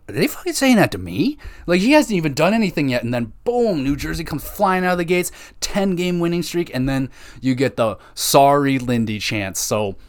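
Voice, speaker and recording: A man hosting a casual hockey podcast, talking loosely with lots of swearing and fillers. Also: mid-range voice. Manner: loose and profane, with frequent fillers. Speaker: podcast host.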